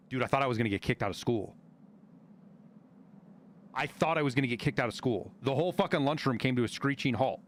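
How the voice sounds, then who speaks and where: A man from Montana, a streamer telling stories in casual chat, animated and full of swearing. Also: medium pitch, a little fast, a little hiss or hum. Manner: profane, animated storyteller.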